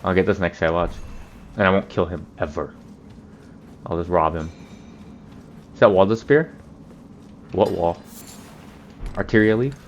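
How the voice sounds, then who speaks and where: A man's voice: low-pitched, measured pace, long pauses, dull audio, a little hiss or hum. A man hosting a let's play, joking and swearing in casual gameplay commentary. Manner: profane, joking, laughs often.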